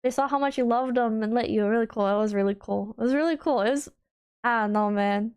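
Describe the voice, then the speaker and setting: A woman streamer chatting casually on a livestream, gushing and bubbly, piling on fillers and restarts, and swooping up high when excited. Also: fast, smooth. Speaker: VTuber streamer.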